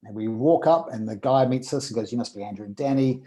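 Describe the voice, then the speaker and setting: A man with a mellow, relaxed tone of voice tells a personal story as a podcast guest. He talks casually, with animated storytelling, and acts out the voices in his anecdotes. His pitch sits at an everyday middle height. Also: quick pace, rough recording. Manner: animated storyteller acting out dialogue.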